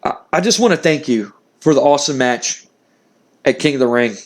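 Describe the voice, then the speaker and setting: A man's voice: medium pitch, a little fast, lightly acted. A man casually voicing an earnest male wrestling champion who reassures a rival in a game recap, stumbling and repeating words. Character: friendly male wrestling champion offering respect.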